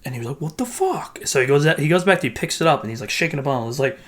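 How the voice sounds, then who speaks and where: A young man casually telling a story on a podcast, animated, swearing and laughing as he goes. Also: mid-range voice, racing. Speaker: podcast host.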